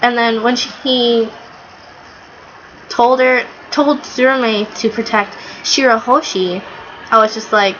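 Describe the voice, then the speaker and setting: A woman's voice: a little high, fairly even intonation, takes it slowly, fairly bright tone, a little hiss or hum. Gushing, chatty woman on lo-fi audio. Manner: chatty, gushing, rambling with fillers and quoted lines. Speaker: anime reviewer. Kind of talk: casual video review.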